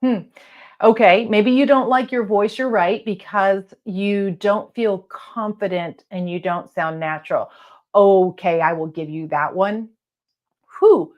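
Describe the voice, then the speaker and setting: Woman in her office, talking straight to camera, blunt and reassuring, average pitch, some sounds slightly soft. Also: dull audio. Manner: blunt, chatty and encouraging; some letters not crisply pronounced. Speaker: real estate video coach. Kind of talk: casual advice talk to camera. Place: home office lit by lamps.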